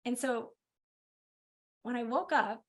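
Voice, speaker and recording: Animated middle-aged woman telling her story. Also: fairly high pitch, slow pace. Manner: animated storytelling, lively laughs. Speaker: guest speaker, physician. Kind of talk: personal story in a webinar.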